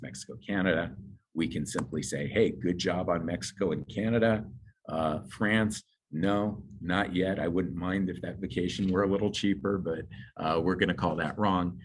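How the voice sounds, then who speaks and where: A nursing exam instructor lectures on exam scoring in a conversational, explanatory way, full of asides and fillers. His low-pitched voice is slightly going. The recording is low quality, with a little hiss or hum.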